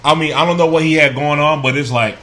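Man in his forties, bright tone, soft-spoken and bitter. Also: on the high side, fairly even intonation, fast. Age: 40s. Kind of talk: casual conversation.

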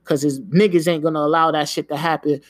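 High-voiced man ranting on a podcast. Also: fairly even intonation, dry recording. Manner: emphatic, profane, repeats "man" and "yo"; talks in quick bursts. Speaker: podcast host. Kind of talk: casual ranting commentary.

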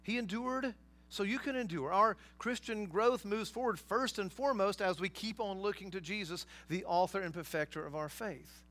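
A man's voice: high voice, moderate pace, fairly bright tone. A man preaching a sermon, emphatic, with rhetorical questions and casual asides to his congregation. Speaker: pastor.

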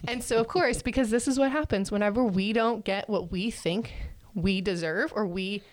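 Animated young woman telling a story. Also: mid-range voice, normal speed, no room sound. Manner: animated storyteller, acts out quoted voices, laughs often. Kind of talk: casual personal story.

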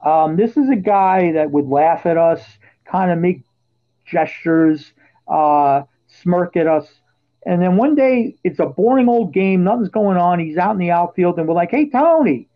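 A man hosting a podcast, telling casual stories and getting loud and animated when he quotes his own yelling. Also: high-pitched, measured pace. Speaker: podcast host. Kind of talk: casual storytelling chat. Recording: dull lo-fi podcast audio.

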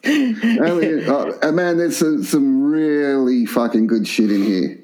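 A man's voice: mid-range voice, expressive, slow pace, mellow. A man, co-hosting a casual comedy chat, joking and swearing freely. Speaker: podcast co-host.

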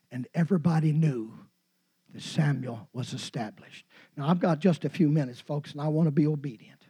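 A middle-aged man preaching a sermon with a husky, fairly high voice. He drops low and quiet to tell the story, then builds to emphatic shouted declarations. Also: normal speed.

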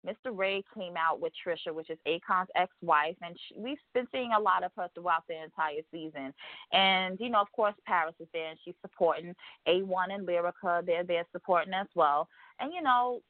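Recapping reality TV gossip on a radio show, this co-host rambles sassily and profanely, imitating what people said. She has a fairly low pitch and moderate pace, heard through a dry, narrow, phone-like recording.

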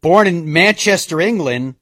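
A man's voice: a little high, lively intonation, measured pace, bright, forceful tone, dry recording, clean studio sound. A man hosting a golf radio show, chatty and jokey as he rattles off the week's broadcast schedule. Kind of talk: casual radio recap.

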